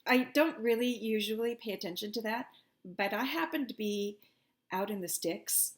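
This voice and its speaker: A woman psychic medium chatting casually to her viewers, animated and often laughing, her pitch jumping up when she gets indignant. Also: normal speed.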